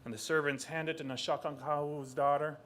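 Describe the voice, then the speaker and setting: Animated male oral storyteller. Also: on the high side, fairly quick, a little hiss or hum. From southeast Alaska. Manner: animated, uses sound effects. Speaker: storyteller and artist.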